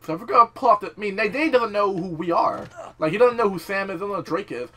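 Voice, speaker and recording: A young man giving casual, rambling let's-play commentary, excitable and swearing often. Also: high voice, fast talker. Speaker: gameplay commentator.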